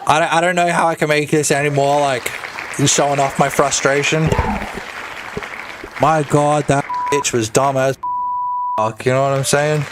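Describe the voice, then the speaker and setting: A young man live-streaming, chatting crudely and loosely to his viewers with a slightly high voice. He rambles, swears freely and tacks "you know what I'm saying" onto his jokes, speaking into a desk mic. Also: steady tone, normal speed, long pauses, crowd noise, noisy background. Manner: crude, rambling and jokey, with lots of filler tags. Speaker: streamer and indie game developer. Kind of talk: casual live-stream chat.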